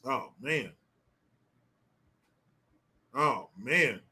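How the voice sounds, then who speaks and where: An older man hosting a solo commentary stream, talking in a profane, mocking and animated way. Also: medium pitch, very slow, husky. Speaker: political commentary host.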